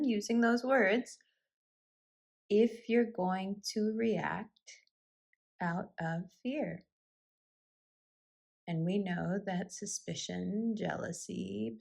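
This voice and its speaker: A woman giving a tarot card reading in an intimate, reassuring way. She laughs easily and sometimes drops into soft whispers. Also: mid-range voice. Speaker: tarot reader.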